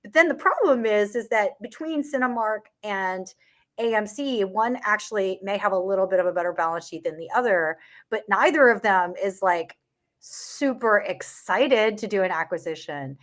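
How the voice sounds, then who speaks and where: In a casual online chat, a woman talks through an investment topic as a market commentator, laughing often and full of fillers and restarts. Her voice is mid-range, expressive and fairly bright, at normal speed.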